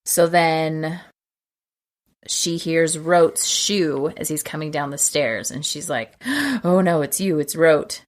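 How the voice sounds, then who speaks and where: A woman with a low voice hosts a casual podcast and walks through a film plot. Her retelling is animated, and she slips into the characters' lines as she goes. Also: slow. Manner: animated retelling, acting out quotes. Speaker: podcast co-host.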